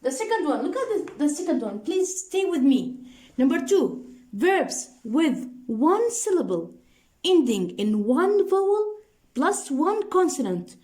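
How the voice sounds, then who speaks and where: A woman teacher walks students through grammar rules in a patient, repetitive way, often pausing to ask if they follow. Her voice sits high. The sound carries an echoey room around it. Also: sing-song, dark tone. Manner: patient, repeats points and checks understanding with "okay?" and "deal?"; spells out letters one by one and restates rules slowly.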